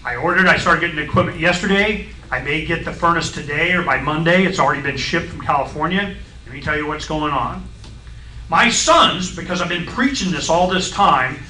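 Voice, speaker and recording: A middle-aged man on a radio talk show, explaining science in a blunt, folksy, excitable way and acting out voices in his stories. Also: a little high, roomy sound, far from the mic, a little hiss or hum, low-quality recording.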